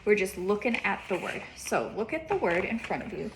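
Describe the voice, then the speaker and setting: A woman's voice: medium pitch, big pitch swings, brisk, noisy background. A woman teaching a child reading in a one-on-one lesson, patient, repeating her questions and checking in with "okay?".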